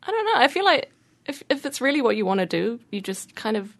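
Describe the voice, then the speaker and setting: A woman, a guest on a radio interview, talking in a relaxed, thoughtful way that often trails off. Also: a little high, quick pace, gravelly. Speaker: guest illustrator.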